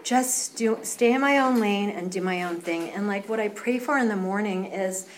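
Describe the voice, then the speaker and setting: A young woman in recovery, candidly sharing her story at a meeting, animated, with many fillers and some swearing. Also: medium pitch, moderate pace, a little hiss or hum. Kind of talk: casual personal sharing.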